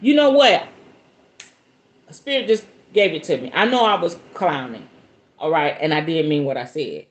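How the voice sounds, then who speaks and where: A low-voiced podcast host reads a book at a moderate pace, leaving long pauses. Between passages she adds animated, playful, casual commentary.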